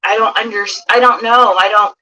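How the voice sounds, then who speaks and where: A woman's voice: medium pitch, steady tone, moderate pace, pushed and bright, far from the mic, rough recording. A woman streamer talking casually in a hesitant, stumbling, flustered way. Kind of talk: casual live stream talk.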